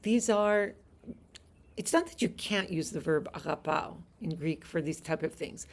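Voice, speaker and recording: A woman's voice: low voice, unhurried. A woman teaching a Greek lesson on a live stream from a house deck outdoors. She explains things patiently and laughs easily.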